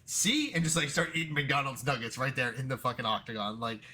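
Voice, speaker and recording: A man's voice: mid-range voice, fast. A young man co-hosting a podcast, chatting casually about sports, swearing freely and acting out quotes. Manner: animated storyteller, swears freely, acts out quotes. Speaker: podcast co-host.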